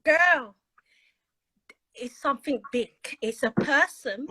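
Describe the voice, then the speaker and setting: A British woman with a very high, bright voice tells a story in casual chat. She is chatty and dramatic and acts out the other voices in her tale. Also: animated, takes it slowly, poor audio. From Britain. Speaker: guest.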